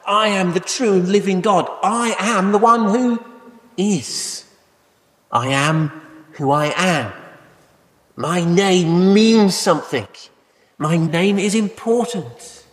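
A man's voice: high voice, takes it slowly. A man preaching a sermon in a conversational way, often asking rhetorical questions. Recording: echoey hall with long reverb.

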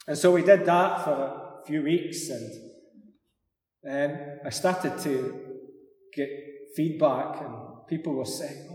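A male pastor delivering a sermon, telling the story slowly and dramatically with many rhetorical questions. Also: on the high side. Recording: echoey hall from far off.

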